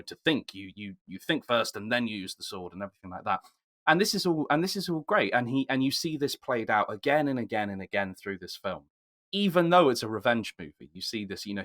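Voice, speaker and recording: A man hosting a casual film discussion, getting animated when he makes a point. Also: mid-range voice. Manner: animated, rising sharply when emphatic. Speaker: podcast host.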